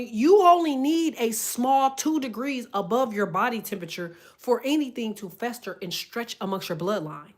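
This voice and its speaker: Woman ranting to her viewers, cussing a lot, voice jumps all over, kinda high. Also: moderate pace, hardly any pauses. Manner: profane, animated, conspiratorial. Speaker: content creator. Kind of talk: casual rant to camera.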